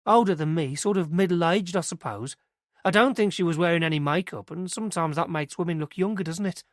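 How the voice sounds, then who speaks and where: This is again a man voicing the nervous, eager young British nursery worker, her tone earnest but unsure as she chattily and haltingly rambles through what she saw. The pitch sits on the low side for a woman, the delivery is fairly quick and only lightly acted, and the sound is dry and clean, like a studio.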